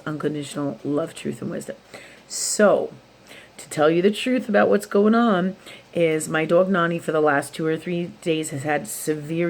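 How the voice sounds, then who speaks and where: A woman's voice: low voice, darkish tone, slight background noise. A woman hosting a late-night spiritual vlog, talking casually and rambling with laughs and restarts. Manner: rambling, with laughs and self-talk quotes. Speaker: spiritual YouTube host.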